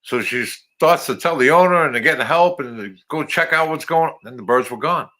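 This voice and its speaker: A man's voice: on the high side, fairly quick, bright, forceful tone. An older man, chatting casually and cracking dry jokes. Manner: joking, dry one-liners. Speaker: co-host. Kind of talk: casual chat.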